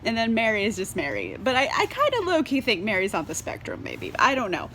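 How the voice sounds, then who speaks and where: Fairly high and sharp, her voice swoops wildly in pitch and moves a little fast, over a faint hiss or hum. She's a wine-tipsy book vlogger giving a casual review, full of laughter, cursing, and repeated "like."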